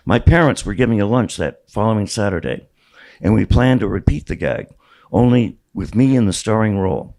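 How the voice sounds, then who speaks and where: A man's voice: lowish voice, lively intonation, moderate pace, creaky, a little mellow, rough recording. A man in his sixties reading from his own memoir aloud at a bookstore event, wry and storytelling. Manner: storytelling, wry, with small restarts. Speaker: author.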